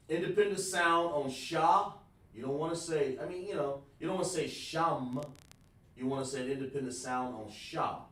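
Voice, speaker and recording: Male teacher, live online class, patient, repeats words slowly, mid-pitched, sits back from the mic in a roomy space. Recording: echoey room, far from the mic.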